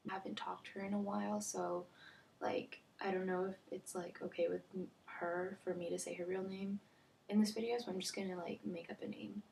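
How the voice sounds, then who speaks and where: With a level tone, a little fast, this young woman tells a chatty storytime vlog in a mid-range voice that's slightly mellow and carries vocal fry. "Like" fills her speech, and she frequently drops nearly to a whisper, with faint noise behind her.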